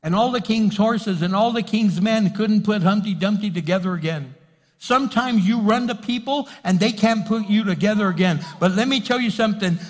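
A man's voice: high voice, moderate pace. A man preaching a sermon as pastor, building emphasis and acting out quotes. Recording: reverberant hall.

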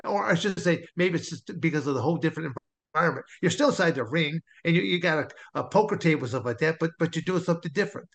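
A man's voice: a little high, expressive, fast talker, gravelly. A man hosting a podcast in casual chat, talking loosely and restarting his sentences. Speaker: podcast host.

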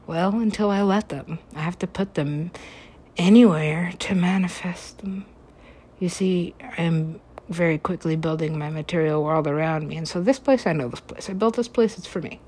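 Husky woman whispering and bantering with herself. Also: deep voice. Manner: shifts between hushed whispers and louder playful talk; argues with herself in back-and-forth lines. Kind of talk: rambling self-talk.

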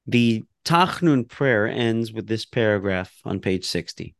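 A man's voice: fairly low pitch, animated, measured pace, creaky, no echo, studio quality. A man teaching a casual lesson on a prayer book, reading passages aloud and explaining them with laughs and asides.

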